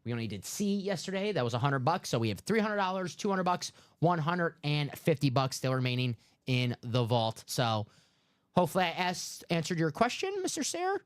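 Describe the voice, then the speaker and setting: A man hosting a live sports card break stream, chatting casually and upbeat while pitching spots. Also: expressive, moderate pace. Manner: chatty, upbeat, sales patter.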